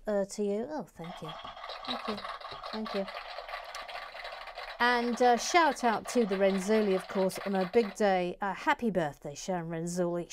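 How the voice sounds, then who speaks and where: A woman hosting a casual building video, rambling along and dropping into muttered, whispered asides as she works. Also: mid-range voice. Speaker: host. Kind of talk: casual chat while building.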